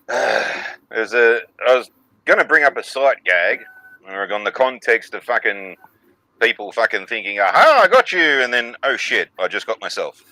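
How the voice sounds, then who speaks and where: A man's voice: fairly low pitch, a little slow, dry recording, rough recording. A man, co-hosting a casual chat show, telling stories full of swearing. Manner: sweary, animated storyteller. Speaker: podcast co-host.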